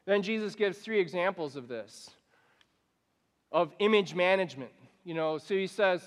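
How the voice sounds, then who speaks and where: A man preaching a sermon as a pastor, casual and conversational, acting out everyday examples with lively energy. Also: a little high, moderate pace, long reverb tail.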